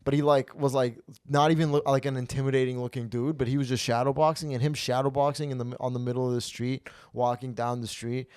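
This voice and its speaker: A man's voice: medium pitch, quick pace, clear, resonant tone, no echo, clean studio sound. A young man hosting a comedy podcast, telling rambling, profane stories in casual chat. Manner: rambling, profane, animated storytelling. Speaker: podcast host.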